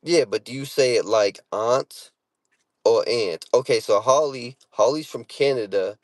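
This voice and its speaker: A man's voice: medium pitch, normal speed, dry recording. A middle-aged man, chatting casually with viewers on a livestream in streetwise, profane slang, often repeating himself. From Boston area. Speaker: livestream host.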